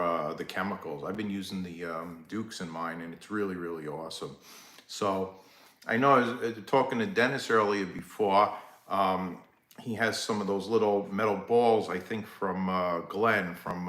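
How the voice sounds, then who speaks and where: A man with a thick Brooklyn and Staten Island accent hosts a casual live stream, chatting with viewers, greeting them by name and tripping over his own restarts. His voice sits on the low side but comes out bright and forceful. The room around him rings with echo. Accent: New York (Brooklyn/Staten Island). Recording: echoey room.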